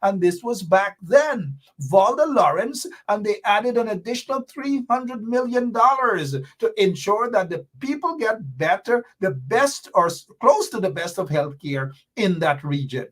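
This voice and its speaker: A man's voice: sits high, animated, unhurried, few pauses, a bit bright. A middle-aged man with a Guyanese accent, hosting a political commentary show in a fiery, sarcastic way, hammering his points with repeated jabs.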